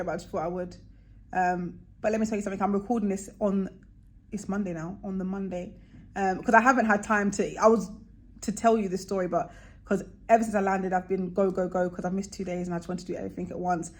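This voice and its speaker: This young woman talks fast and flat as she shares a travel tale on her vlog, though she voices the people she quotes with sharp pitch jumps.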